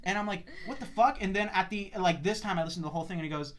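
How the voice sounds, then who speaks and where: A man's voice: sits high, racing, fairly bright tone. A young man hosting a podcast, chatting casually and telling a story, swearing freely and acting out the voices of people he quotes. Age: young adult. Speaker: podcast host.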